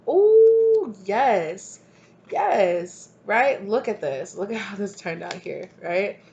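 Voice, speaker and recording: A woman's voice: medium pitch, animated, moderate pace, gravelly. A woman giving a channeled collective tarot reading, rambling and gushing and often asking "right?". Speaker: tarot reader. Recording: dull lo-fi recording, faint hiss.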